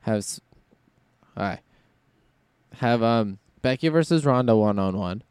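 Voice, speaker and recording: A man's voice: on the low side, lively intonation, unhurried, darkish tone, smooth, no echo, studio quality. A man hosting a solo podcast in casual chat, rambling and thinking aloud as he goes. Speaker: podcast host.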